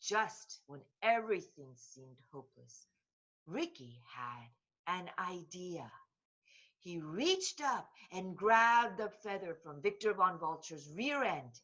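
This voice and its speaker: Bright-voiced woman reading a kids' book aloud. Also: lowish voice, highs cut off. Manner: slow, expressive read-aloud delivery. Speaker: storybook reader.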